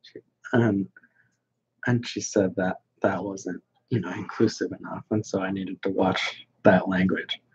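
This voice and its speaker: A young man talking bluntly and mockingly in casual chat as a podcast guest, halting with many restarts, on a dull lo-fi recording. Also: low-pitched, fairly even intonation, slightly rough. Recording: dull lo-fi sound.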